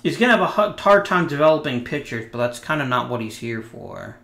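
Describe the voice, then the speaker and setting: Man, let's play host, casual game commentary, wry muttered asides, mid pitch, echoey room. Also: sing-song, a little fast, vocal fry, fairly bright tone.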